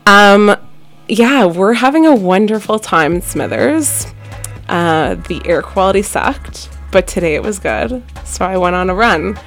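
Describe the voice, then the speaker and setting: A woman's voice: mid-range voice, animated, a little slow, faint music behind. A middle-aged woman with a nasal voice, a guest chatting and laughing in a radio studio. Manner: laughing, self-mocking. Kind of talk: casual radio chat.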